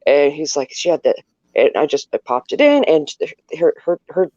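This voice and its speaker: A woman's voice: low-pitched, very animated, normal speed, dark tone, no room sound, dull audio. A woman from Canada co-hosting a casual chat, telling stories with lots of stammered repeats. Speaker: podcast co-host.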